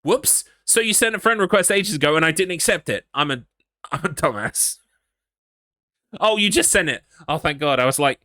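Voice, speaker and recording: A man's voice: a little high, animated, moderate pace, bright, forceful tone, no echo, studio quality. An English man streaming a horror game, chatting casually and rambling, teasing himself as he reads his chat. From England. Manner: rambling, self-mocking, talks to himself.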